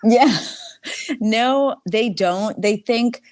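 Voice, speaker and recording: A woman's voice: on the high side, extremely slow, darkish tone, no room sound. A woman in her forties from the US Northeast, a guest in a casual interview, telling chatty stories and acting out what she and others said. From Boston, US Northeast. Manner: chatty storyteller who acts out her own quotes. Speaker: guest, nonprofit CEO.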